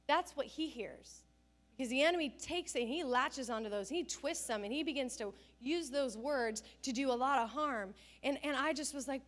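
A woman's voice: sits high, fairly quick. A woman pastor preaching a conversational sermon, telling stories with self-deprecating humor.

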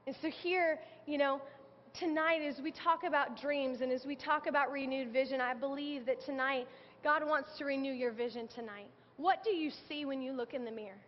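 A woman's voice: high-pitched, normal speed, slight background noise. A woman in her thirties giving an earnest, conversational sermon, telling her testimony and quoting scripture. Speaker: speaker sharing testimony. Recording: dull sound with long hall reverb.

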